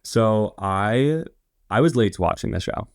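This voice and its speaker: A young man in his twenties with a low voice and a gravelly edge, chatting as a podcast guest. He rambles through his stories, full of fillers and quoted asides. The sound is close and dry. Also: animated, measured pace, dry recording. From Indiana. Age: 20s. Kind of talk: casual interview storytelling.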